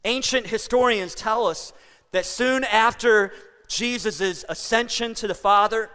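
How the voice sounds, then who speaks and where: Speaking a bit slowly in a smooth, high, bright voice, this male pastor delivers his sermon conversationally, drawing on animated stories. A long, ringing reverb from the church hall trails his speech.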